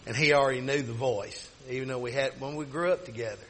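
A man's voice: medium pitch, fast, fairly bright tone, slight background noise, low-quality recording. A middle-aged man, a pastor telling a personal story in a rambling, folksy sermon style. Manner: folksy, rambling with many restarts.

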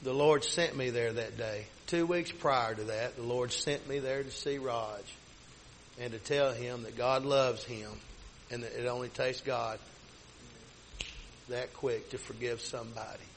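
A man's voice: medium pitch, steady tone, a little slow, vocal fry, slight background noise, poor audio. A middle-aged man, a pastor telling a personal story in a rambling, folksy sermon style. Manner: folksy, rambling with many restarts.

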